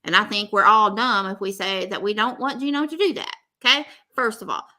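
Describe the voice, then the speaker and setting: Casting: chatty Southern woman host, bright voice, animated and joking. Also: medium pitch, a little fast. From Texas. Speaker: podcast host. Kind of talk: casual reality-show recap chat.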